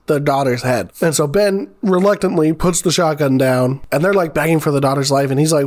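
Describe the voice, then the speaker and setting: A man's voice: a little high, a little fast, hardly any pauses, darkish tone. A man casually recapping a horror movie plot, rambling and swearing often, tagging lines with "right?" and "like". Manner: profane, rambling, frequent "right?" and "like". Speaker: movie reviewer.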